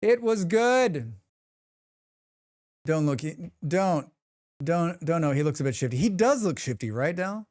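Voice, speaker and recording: A man's voice: fairly high pitch, lively intonation, moderate pace, darkish tone, no echo, studio quality. A man streaming live, chatting casually and joking with his chat. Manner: rambling, joking, reacts to chat.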